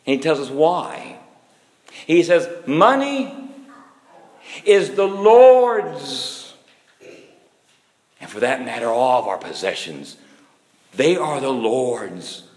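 A man preaching a sermon, slow and emphatic, with sudden rises and drops in pitch and loudness. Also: expressive. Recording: echoey hall.

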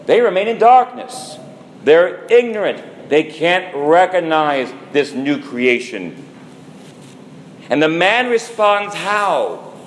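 A man preaching a sermon as a priest, slow and deliberate, building emphasis through rhetorical questions. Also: on the high side, a little hiss or hum. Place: church. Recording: echoey church with long reverb.

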